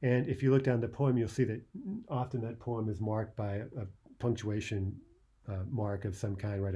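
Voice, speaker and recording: A man's voice: medium pitch, mellow. A man teaching a poetry lesson, thinking aloud with many "uh"s and "right?"s as he explains a poem line by line.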